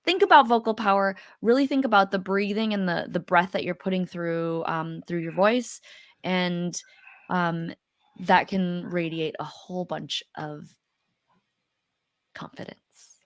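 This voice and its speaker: A woman's voice: on the low side, fairly even intonation, a little slow, dry recording. Chatty woman co-host, dry sound. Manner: chatty, many fillers and restarts. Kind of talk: casual coaching chat.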